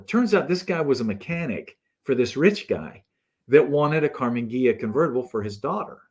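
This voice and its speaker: Male guest spinning a casual story, lively swooping pitch, acts out each person in it. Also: normal speed, slightly rough. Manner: animated storyteller who acts out the people in his stories. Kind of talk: casual anecdote telling.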